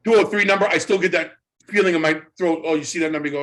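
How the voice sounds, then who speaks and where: A middle-aged man, a guest in an interview, telling a story in a casual, animated way, often repeating his words as he goes. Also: sits high, racing. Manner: animated retelling, acts out quoted voices, repeats words. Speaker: interview guest, former wrestling trainer.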